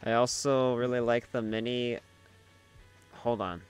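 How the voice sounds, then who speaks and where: A man's voice: medium pitch, fairly even intonation, a little slow, clean tone, lo-fi sound, faint music behind. A man streaming a game, reading chat aloud in a playful way and laughing easily.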